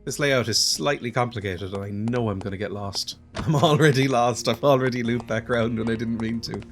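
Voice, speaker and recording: A man's voice: mid-range voice, a little fast, soft background music. A man hosting a let's play, giving casual, chatty commentary that mocks himself as he plays. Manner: chatty, self-mocking, laughs often.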